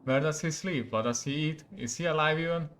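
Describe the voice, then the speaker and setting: A Hungarian-accented man voicing an eager young princess who fires off quick curious questions. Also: a little high, fairly bright tone, close to an everyday voice.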